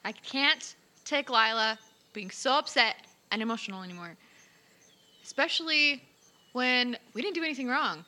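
A woman speaks in character during a tabletop game, exasperated and pleading, her voice swelling toward near-shouts. Her tone is bright and slightly high, with lively swings in pitch. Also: moderate pace. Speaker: tabletop player.

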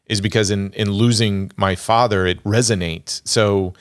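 A low-voiced man talks films as a podcast co-host, recorded close and dry with no room sound. He tells stories with feeling and a lot of animation. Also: a little slow, clear, resonant tone, dry recording. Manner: emotional, animated storyteller. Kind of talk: casual film discussion.

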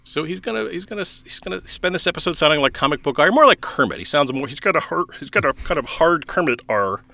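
Wry, animated male podcast host. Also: a little high, vocal fry. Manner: wry, animated, quick to laugh. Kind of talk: casual chat.

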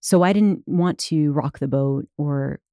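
A woman's voice: deep voice, unhurried, dark tone, no room sound, clean studio sound. A woman in her thirties from the United States, telling a personal story in casual conversation with many fillers. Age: 30s. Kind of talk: casual chat.

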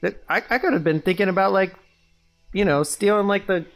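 A man voicing a brash, excitable teenage schoolboy in role-play, rambling and full of "like" and "dude". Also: sits high, brisk, faint music behind.

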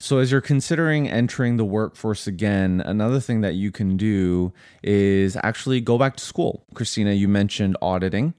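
Low-voiced man giving podcast advice. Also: normal speed, few pauses, a little mellow, smooth, no echo, clean studio sound. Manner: explanatory, repeats words when starting sentences. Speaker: podcast co-host. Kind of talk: casual podcast chat.

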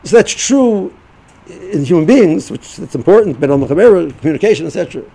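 A middle-aged man giving an informal Torah lesson, halting and repeating words as he restarts sentences. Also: a little high, lively intonation, gravelly, mellow, slightly rough, rough recording. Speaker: yeshiva rebbe giving a shiur.

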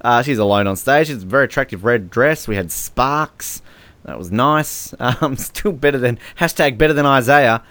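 A podcast host reviews song contest entries in a casual chat, sarcastic and laughing often. His medium-pitched voice is fairly bright, his pace moderate, and the recording is dry.

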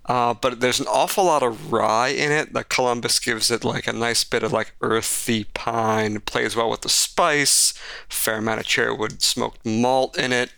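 A man's voice: mid-range voice, steady tone, measured pace, creaky, sharp tone, clean tone, no room sound. A man co-hosting a casual podcast chat, wry and joking with rambling asides. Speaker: podcast co-host.

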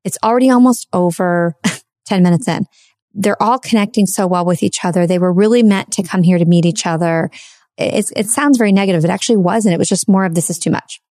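A woman's voice: mid-range voice, brisk, darkish tone, no room sound, studio quality. Chatty woman telling a heartfelt story. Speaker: podcast host. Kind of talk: casual podcast conversation.

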